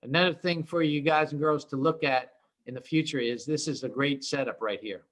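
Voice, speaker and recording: A man's voice: a little high, a little fast, a bit bright. A man hosting a live day trading room, chatting in an upbeat, chummy, rambling way. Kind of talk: casual live trading chat.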